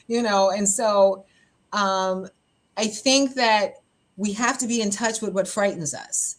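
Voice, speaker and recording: A woman pastor hosts a podcast and tells a personal story openly and with animation, laughing often and acting out what others said. Her voice is mid-range and her pace slow.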